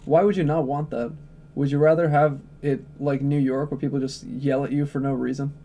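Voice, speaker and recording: A man's voice: mid-range voice, little pitch movement, brisk, dark tone. A man chatting casually on a livestream, blunt, opinionated and profane, answering chat questions.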